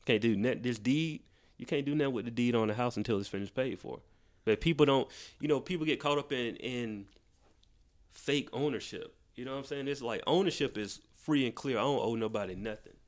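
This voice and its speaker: A man's voice: medium pitch, brisk. A man co-hosting a podcast, making emphatic points in casual chat and repeating them for effect. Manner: emphatic, repeats points, laughs between lines. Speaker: podcast co-host.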